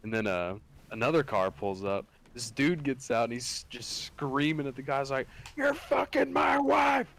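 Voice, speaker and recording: A man's voice: mid-range voice, normal speed, few pauses. A young man in casual chat, telling a story full of swearing and laughing through his lines.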